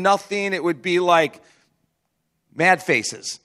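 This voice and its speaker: A man's voice: fairly high pitch, lively intonation, unhurried, fairly bright tone. A man preaching a sermon as pastor, in a chatty, conversational way with frequent asides and restarts.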